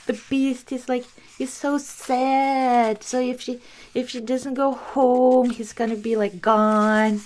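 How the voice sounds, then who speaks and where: A woman voicing Beauty, a remorseful young woman, in a high, dramatic, wailing way in a storybook retelling. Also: level tone, takes it slowly, darkish tone, slight background noise. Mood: guilty.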